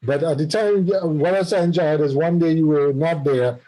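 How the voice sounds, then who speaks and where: A man's voice: fairly high pitch, moderate pace, mellow, rough recording. A man hosting a podcast, chatting casually and rambling through stories with restarts and tangents. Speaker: podcast host. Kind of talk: casual chat.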